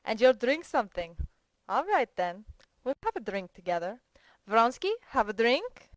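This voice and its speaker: A woman reading an audiobook who voices a sleepy, irritable young male army officer, loudly and crossly. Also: fairly high pitch, lively intonation, moderate pace, no echo, voice pushed up, poor audio. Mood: rowdy. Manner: shouted, irritable.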